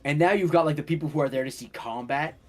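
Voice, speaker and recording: A young man running a tabletop game as dungeon master, telling the scene in an animated way and laughing often. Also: a little high, faint music behind. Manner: slow, animated storytelling with laughter.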